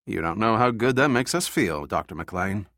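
A man voicing a grimly wry man with a quiet, deadpan delivery. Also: on the low side, normal speed, dry recording, studio quality.

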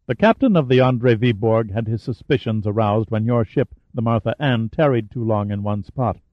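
Cold gaunt giant villain read by a man, calm clipped talk, dry slightly dull sound. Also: on the low side, moderate pace, dry recording, lightly acted.

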